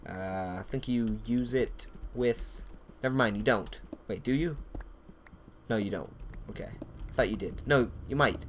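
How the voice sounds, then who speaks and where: A man talks casually over his gameplay, wandering off topic and swearing freely. His voice sits at a mid pitch. A faint background hiss sits under him. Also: a little slow. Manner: rambling, profane, off-topic storytelling. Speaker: gameplay commentator. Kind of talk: casual let's-play commentary.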